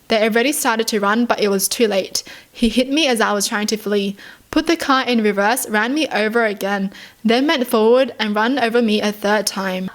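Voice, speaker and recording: A young woman from Australia, with a voice on the higher side, reads stories aloud to her viewers. She breaks off to react with exasperated remarks and heavy sighs. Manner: indignant outbursts and sighs between readings. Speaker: YouTuber.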